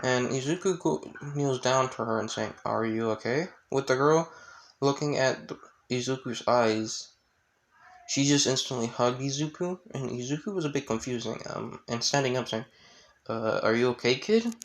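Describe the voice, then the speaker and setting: A man's voice: medium pitch, normal speed. A young man casually narrating a fan story, rambling with frequent restarts and hesitations.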